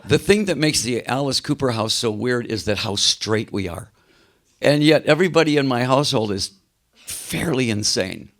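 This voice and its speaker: Older male rock singer, gravelly, animated storyteller on a video call. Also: mid-range voice, moderate pace. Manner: animated anecdotes, acts out quoted voices. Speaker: interview guest, rock singer. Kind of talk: casual storytelling interview.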